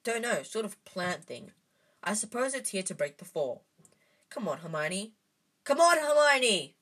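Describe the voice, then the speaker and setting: A woman voicing a brave young schoolboy wizard, reading a storybook aloud in a raised, higher voice. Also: lively intonation, normal speed, breathy edge. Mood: calling.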